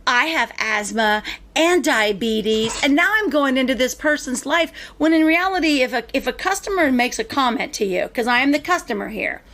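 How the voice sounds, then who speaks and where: A woman hosting a podcast, telling stories in casual chat with animated emphasis. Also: high voice, fairly quick, hardly any pauses, slight background noise. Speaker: podcast host.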